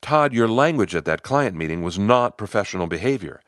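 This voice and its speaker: A man's voice: fairly low pitch, expressive, a little fast, no echo, studio quality, natural voice. A man doing an eager, surprised male manager. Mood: rehearsing. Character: earnest, uneasy male manager in coaching.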